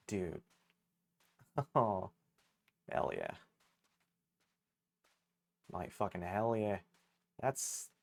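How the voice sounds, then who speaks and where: A man's voice: mid-range voice, creaky, darkish tone. A man streaming a game live, chatting casually in a rambling, self-mocking way and swearing freely. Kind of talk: casual gaming livestream chatter.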